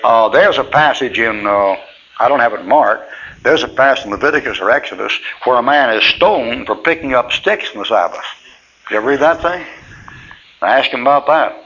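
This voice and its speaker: A man's voice: mid-range voice, animated, fairly quick, sharp tone, slightly rough. A middle-aged male preacher, telling church stories in a folksy, plainspoken way with frequent chuckles. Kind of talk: folksy sermon storytelling. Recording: dull lo-fi tape with faint hiss.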